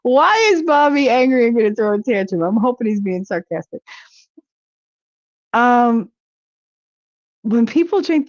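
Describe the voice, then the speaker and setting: A woman's voice: a little high, a little mellow, no echo. Woman rambling on her live show, chatty and giggly, dry muffled mic sound. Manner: rambling, chatty, quick to laugh. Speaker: livestream talk show host. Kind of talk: casual chat reacting to viewer comments.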